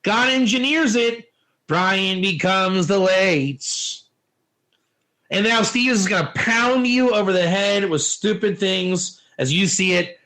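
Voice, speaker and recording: A man teaching a Torah lesson in an informal, animated way, telling stories and asking rhetorical questions. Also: high voice, measured pace, few pauses, low-quality recording.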